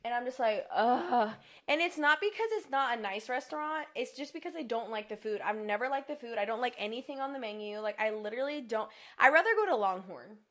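Young woman co-host, higher pitched, loose rambling chat full of "like"s. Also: lively intonation, a bit bright. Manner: chatty, heavy use of "like" fillers, quick laughs. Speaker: podcast co-host. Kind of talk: casual chat.

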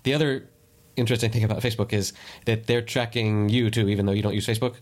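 A man with a fairly low voice chats casually on a podcast. He explains at length, stumbles and restarts his sentences as he goes. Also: steady tone, fast talker. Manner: rambling, self-correcting, explains at length. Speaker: podcast co-host. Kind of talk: casual chat.

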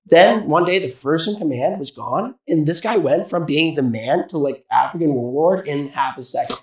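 A man's voice: on the high side, lively intonation, moderate pace, reverberant. A man telling rambling, joking stories in casual podcast banter as a comedian guest.

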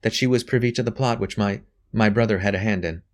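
A man voicing a proud, insistent noblewoman in a storybook reading, with a raised pitch. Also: fast, close to an everyday voice.

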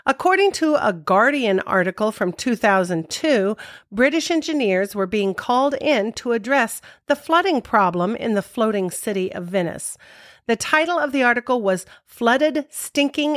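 Measured woman podcast narrator. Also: a little high, expressive, no room sound, studio quality. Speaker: podcast co-host. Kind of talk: scripted narration of scenes.

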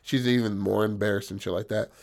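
A man's voice: fairly low pitch, steady tone, fast, gravelly, darkish tone. A young man casually telling a story, rambling and profane, full of fillers.

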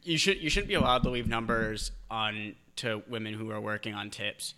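Co-host pria yang bertele-tele dan penuh opini, suara sangat cerah. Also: male voice, lowish voice, normal speed, bright, forceful tone. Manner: rambling, opinionated, many fillers. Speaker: podcast co-host. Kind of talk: casual chat.

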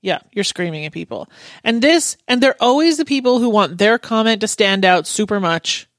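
A woman's voice: medium pitch, lively intonation, moderate pace, no room sound. A woman with a mid-range voice co-hosts a casual podcast. She speaks bluntly and states her opinions firmly. The recording is dry and close. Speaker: podcast co-host. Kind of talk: casual chat.

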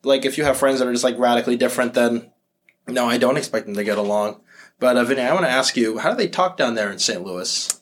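A man hosting a casual radio chat show, playful and quick to jump between topics. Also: medium pitch, fairly bright tone.

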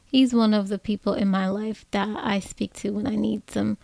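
A woman teacher telling a personal story in a reflective, earnest way, with pauses. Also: medium pitch, fairly even intonation, gravelly, darkish tone, no room sound.

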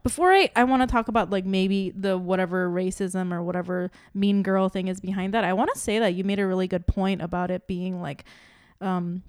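A woman co-hosting a casual podcast chat, talking in a lively, chatty way full of fillers. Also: mid-range voice, brisk, smooth, dry recording, clean studio sound. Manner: animated, chatty, lots of fillers. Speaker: podcast co-host.

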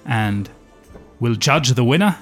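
A man's voice: medium pitch, expressive, takes it slowly, faint music behind. A man co-hosting a tabletop game podcast, chatting casually and laughing often. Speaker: podcast co-host and player. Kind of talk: casual chat.

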